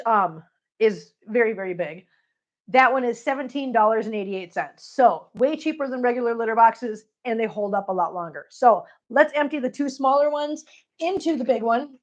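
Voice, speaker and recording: A woman's voice: fairly high pitch, moderate pace. A middle-aged woman chatting casually to her cats and her livestream viewers while she cleans, a bit out of breath. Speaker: cat channel vlogger.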